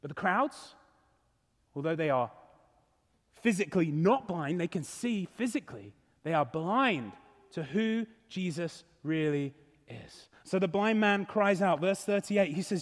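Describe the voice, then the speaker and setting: A man's voice: sits high, animated, unhurried, big-room sound. A male pastor preaching a sermon in a church, earnest and emphatic. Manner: earnest, emphatic, rising and falling.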